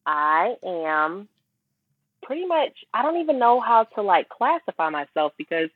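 A woman's voice: medium pitch, very animated, unhurried. A woman guest on a podcast, talking in a casual, confident, slangy way and laughing often. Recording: dry, tinny phone-like line.

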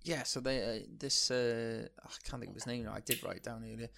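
A man co-hosting a podcast in casual, rambling chat, swearing freely and filling pauses with ums. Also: mid-range voice, fairly even intonation, vocal fry, a bit bright. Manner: sweary, rambling, full of fillers. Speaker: podcast co-host.

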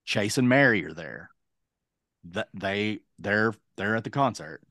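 A man in his late thirties hosts a podcast and tells a long story in a lively way. His voice leaps around in pitch as he acts out each person's lines. The sound is close and dry, with no room echo. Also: a little slow. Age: late 30s. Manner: animated, acts out quoted dialogue. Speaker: podcast host. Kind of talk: casual storytelling.

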